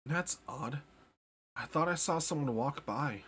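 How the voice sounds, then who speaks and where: A man's voice: on the high side, unhurried, fairly bright tone, slightly rough. A man streaming a game live and reading its text aloud, with playful, jokey asides. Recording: faint game music behind.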